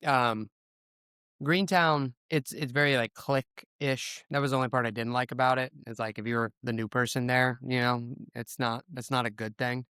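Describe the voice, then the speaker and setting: Regular-pitched guy chatting loose, laughs a lot, dry close mic. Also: steady tone, moderate pace, sharp tone, clean tone, dry recording. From Indiana, USA. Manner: laughs often, easygoing rambling. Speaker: former teacher as guest. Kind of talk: casual chat.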